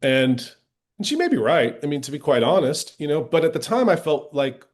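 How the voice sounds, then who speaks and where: A middle-aged man, an actor, talking candidly as a podcast guest and recounting past experiences. He acts out other people's lines with lively shifts in tone. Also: a little high, brisk. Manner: animated retelling, acting out quoted voices with lively shifts. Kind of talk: candid storytelling in a casual interview.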